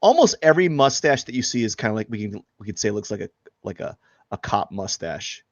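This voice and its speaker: Drawing live for his stream, a man with a fairly low, sing-song voice chats fairly quickly, rambling and joking at his own expense. No room sound is audible.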